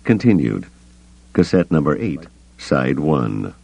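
Deep-voiced man reading an audiobook. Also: slow pace, gravelly, breathy edge. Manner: expressive reading, voicing characters. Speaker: audiobook reader. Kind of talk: scripted narration. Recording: dull lo-fi cassette tape.

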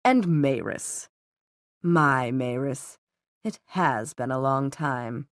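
A woman reading an audiobook, voicing a commanding middle-aged male villain who speaks slowly and mockingly. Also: extremely low pitch, no room sound, studio quality, pitched below the performer's own voice. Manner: slow, measured, mocking.

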